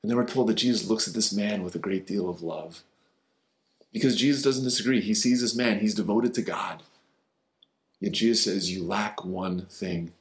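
A male pastor preaching a sermon in an earnest way, often repeating words as he builds a point. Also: on the low side. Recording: roomy echo.

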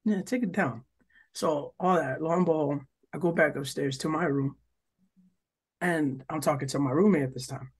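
A young man from New Jersey co-hosts a casual podcast and spins a long story in a meandering way. His voice sits a little high and has a husky grain. He swears often and plays out quoted lines with sudden jumps in his delivery. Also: normal speed. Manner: rambling, profane, full of "like" and "yo", acts out quoted lines. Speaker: podcast co-host.

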